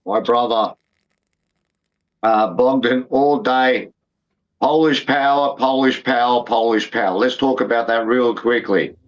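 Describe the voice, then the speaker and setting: A man's voice: medium pitch, measured pace. A man in his fifties co-hosting a fight podcast, talking in emphatic, repetitive bursts and swearing freely. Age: 50s. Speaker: podcast co-host. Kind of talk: casual sports banter. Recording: dull lo-fi sound.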